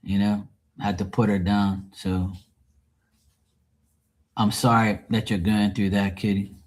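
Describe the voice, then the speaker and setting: A man's voice: on the low side, level tone, unhurried. A man hosting a live tarot stream, chatting casually with viewers in a blunt, profane, rambling way. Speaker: tarot reader and livestream host. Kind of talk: casual livestream chat with viewers.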